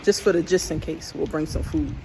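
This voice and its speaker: Hiking a park trail, a man records a laid-back vlog in a voice on the high side, brisk and creaky, over background noise. He wanders from thought to thought, repeats himself, says "like" often, and puffs a little on the climbs.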